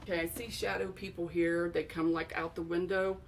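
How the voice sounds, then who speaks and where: A woman's voice: lowish voice, little pitch movement, brisk, creaky. A middle-aged woman earnestly and anxiously recounting frightening experiences in her home, often repeating herself, recorded in an echoey room with faint noise. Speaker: homeowner describing hauntings. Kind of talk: recounting experiences on a paranormal show.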